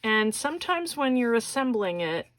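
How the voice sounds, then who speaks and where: A woman's voice: fairly high pitch, sing-song, normal speed, no room sound. Chatty woman demonstrating a craft project. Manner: chatty, frequent "okay?" check-ins. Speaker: crafting tutorial host. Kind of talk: casual step-by-step craft demonstration.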